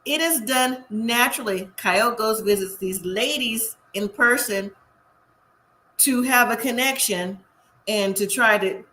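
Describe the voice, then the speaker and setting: Woman, recap host, bright and chatty, opinionated, higher voice. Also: unhurried, a little hiss or hum. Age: middle-aged. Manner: chatty, opinionated, quotes the cast in lively voices. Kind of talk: casual TV recap commentary.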